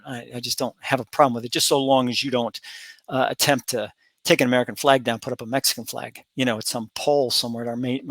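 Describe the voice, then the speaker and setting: A man's voice: medium pitch, bright, forceful tone, no room sound. A middle-aged man hosting a commentary channel, delivering a rambling opinion monologue full of fillers, restarts and repetition.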